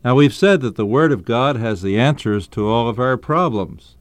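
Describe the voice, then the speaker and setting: Earnest guy doing radio bible teaching, smooth clear voice, dry close sound, leans hard on the big words. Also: mid-range voice, animated, moderate pace, no echo. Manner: earnest, emphatic, stretches key phrases.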